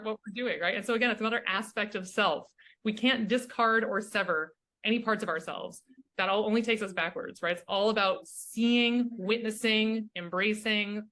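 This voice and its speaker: A woman's voice: medium pitch, sharp tone. A woman speaking as a coach and interview guest in a casual chat, earnest and reflective, often checking in with the listener.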